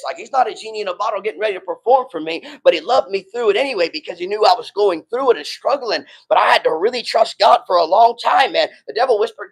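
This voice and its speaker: A man's voice: sits high, fast talker, hardly any pauses, slightly rough, poor audio. A middle-aged man giving a sermon to a live audience in a casual, street-talking way, often saying "man". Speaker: preacher.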